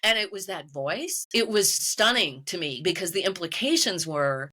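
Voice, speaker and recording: A woman being interviewed as a medium and author, telling her story in lively detail and acting out the voices of the people she quotes. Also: fairly low pitch, normal speed, hardly any pauses. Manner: animated storytelling, quoting voices. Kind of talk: conversational interview.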